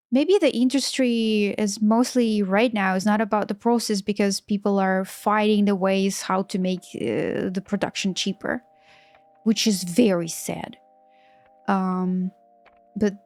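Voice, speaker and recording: A woman in her thirties chatting casually on a live stream while she draws, enthusiastic and often restarting her sentences in non-native English. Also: mid-range voice. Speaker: artist streaming while drawing. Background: faint background music.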